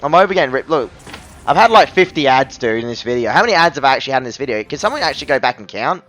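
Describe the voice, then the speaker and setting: A man's voice: mid-range voice, big pitch swings, racing, fairly bright tone, faint music behind. A man reviewing a phone app in a voice-over, ranting angrily and scornfully about being ripped off. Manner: angry, exasperated, scornful ranting.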